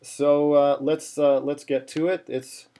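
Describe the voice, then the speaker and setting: A man talks through a chanting lesson at an unhurried pace, patient and plain. He stops often to restart his sentences, then slips into short sung phrases. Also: fairly high pitch, little pitch movement, warm tone. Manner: patient, plain explaining with many fillers and restarts, breaking into chant. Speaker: cantillation teacher.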